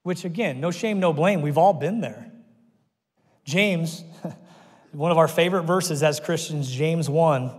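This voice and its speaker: A man preaching to his congregation, his voice sitting a little high as he tells the stories with lively energy. He slips into the voices of the people he quotes. His words ring out with the long reverb of a church hall. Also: measured pace, pauses often, husky. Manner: animated storytelling, acts out quoted voices. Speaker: pastor. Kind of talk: sermon. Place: church auditorium.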